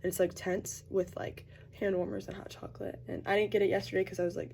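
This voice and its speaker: Chatty young woman with a gravelly edge. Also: medium pitch, flat delivery, fast, darkish tone, slight background noise. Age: young adult. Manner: chatty, uses "like" constantly, acts out quoted voices. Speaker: college student vlogger. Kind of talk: casual get-ready-with-me chat.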